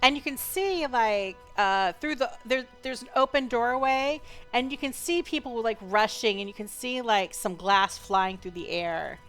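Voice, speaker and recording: Smooth-voiced woman running a tabletop game. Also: on the high side, unhurried, hardly any pauses, soft background music. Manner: relaxed, chatty, full of fillers and laughs. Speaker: game master.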